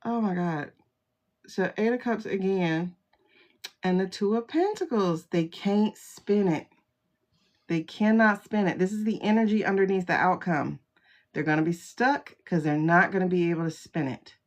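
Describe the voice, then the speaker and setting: A woman's voice: fairly low pitch, normal speed. A woman hosting a casual livestream tarot reading, chatty and full of exclamations, greeting viewers by name as she talks into a phone. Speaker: tarot reader livestream host.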